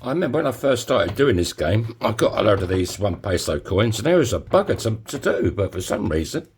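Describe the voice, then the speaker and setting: A man's voice: lowish voice, very animated, fairly quick, slight background noise. A man giving a casual DIY tutorial in his home workshop, chatty and jokey with self-mocking asides. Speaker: coin ring maker.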